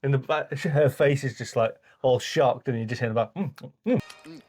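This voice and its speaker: A man co-hosting a podcast in casual chat, animated, with many fillers, acting out quotes. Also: mid-range voice, a little fast, soft background music. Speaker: podcast co-host.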